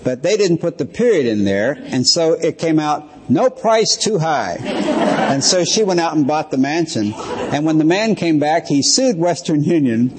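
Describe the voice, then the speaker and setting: A man teaching a sermon-style Bible lesson in a measured, explanatory way, slowing down to stress key phrases. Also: fairly high pitch, animated, background noise. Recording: reverberant hall.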